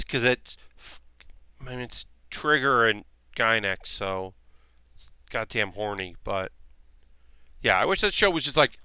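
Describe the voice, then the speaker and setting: A man's voice: fairly high pitch, sharp tone, smooth, dry recording. A man hosting a livestream, chatting loosely and profanely and answering comments from chat as he talks. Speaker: livestream host.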